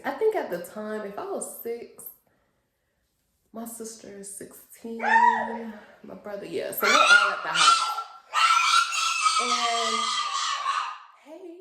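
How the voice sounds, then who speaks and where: A woman in her late twenties tells a story on her vlog in an animated, expressive way. She talks slowly, and her fairly high voice swings widely in pitch. The sound has a roomy echo. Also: a little hiss or hum. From Haitian family. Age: late 20s. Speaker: vlogger.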